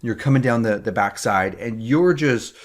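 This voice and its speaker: A man's voice: medium pitch, moderate pace. A man coaching business owners in a motivational talk, earnest and repetitive, restarting his phrases often. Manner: earnest, repeats words, fillers.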